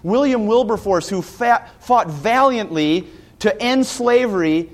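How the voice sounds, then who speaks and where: An earnest male preacher with a fairly high voice delivers a sermon. He leans on rhetorical questions and reads scripture aloud with steady conviction. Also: a little slow.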